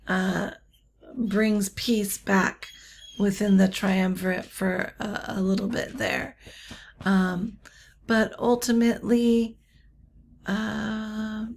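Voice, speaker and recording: A woman teaching literature in an unscripted lecture, halting often with ums and uhs and slipping in wry, offhand asides. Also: mid-range voice.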